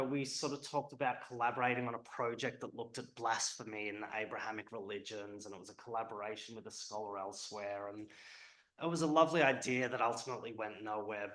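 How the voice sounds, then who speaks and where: A man's voice: medium pitch, a bit bright, reverberant, poor audio. A man speaking at a public event as a historian, conversational and hesitant with frequent ums.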